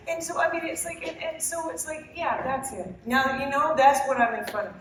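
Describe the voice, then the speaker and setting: Middle-aged woman painter, earnest and halting, fairly high voice, heard from a distance in a big echoey hall. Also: a bit bright, a little hiss or hum. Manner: earnest, halting, restarts often, laughs. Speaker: painter giving a demo talk. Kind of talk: emotional, rambling live talk to an audience. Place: large echoey hall, live audience.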